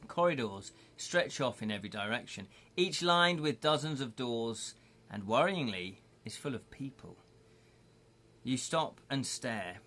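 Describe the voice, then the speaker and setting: A man's voice: medium pitch, animated, unhurried, pushed and bright. A man reading a choose-your-own-adventure book live, chatty with jokey asides. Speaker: game host and reader.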